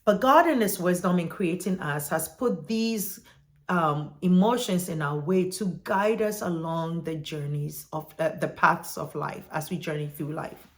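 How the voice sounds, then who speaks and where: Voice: mid-range voice, measured pace. A parenting educator teaching parents in a talk, checking in with listeners and asking them to look back at their own childhood. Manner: checks in with listeners with "right?" after points; asks listeners reflective questions.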